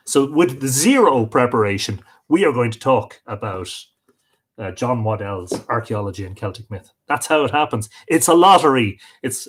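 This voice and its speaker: A man's voice: mid-range voice, lively intonation, normal speed. An Irish man hosting a casual livestream at home, chatting off the cuff and greeting viewers by name. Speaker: host. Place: home with bookshelves.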